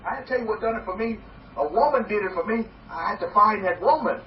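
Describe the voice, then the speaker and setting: A man teaching as a rabbi in a lively sermon, acting out quoted voices and repeating words as he goes. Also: sits high, fast. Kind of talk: sermon-style teaching talk. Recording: echoey, distant, dull and slightly noisy.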